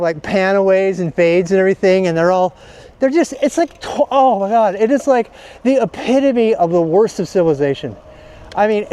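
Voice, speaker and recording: High-voiced man ranting profanely outdoors. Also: mellow, a little hiss or hum. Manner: blunt and profane, heated ranting. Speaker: cycling vlogger. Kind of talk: casual ranting monologue while riding.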